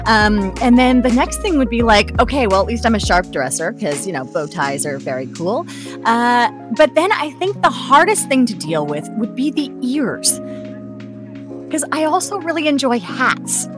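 A woman's voice: a little high, very animated, unhurried, over music. A woman voice actress chatting casually as a guest, playful and laughing often. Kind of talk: casual chat.

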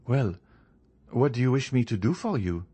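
A man reading a courteous, genial male journalist in a storybook, measured and increasingly firm. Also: medium pitch, lively intonation, mellow, breathy edge, voice pushed up. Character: genial male journalist, friendly yet proud.

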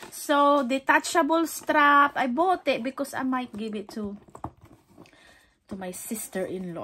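A woman filming a casual haul vlog at home, chatty, excited about bargains and repeating "guys" as she shows each item. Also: mid-range voice, a little hiss or hum. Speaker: vlogger. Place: home, indoors.

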